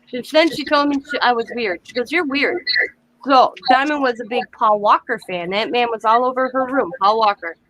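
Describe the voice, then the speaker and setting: A chatty middle-aged woman hosting a casual crafting stream, her voice sitting on the higher side. She tells stories with lots of animation and quick reactions, and a faint hiss runs under her voice. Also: fairly bright tone, poor audio. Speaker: crafting live-stream host. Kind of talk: casual chat while crafting.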